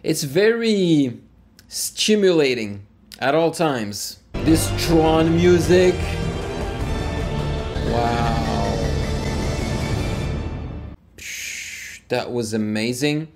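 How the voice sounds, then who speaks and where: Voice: mid-range voice, animated, extremely slow, pauses often. A movie reaction host from Quebec with a Quebec French accent, thinking aloud and exclaiming as they watch. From Quebec, Canada. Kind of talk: casual movie reaction commentary. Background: film soundtrack music.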